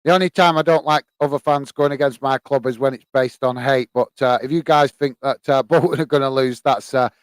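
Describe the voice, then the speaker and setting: A man's voice: medium pitch, fairly even intonation, fairly quick, hardly any pauses, clear, resonant tone, dry recording. Chatty man hosting a match watch-along. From England. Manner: chatty, many fillers, bursts into shouts at goals. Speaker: host of a football watch-along stream. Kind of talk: live match commentary and chat.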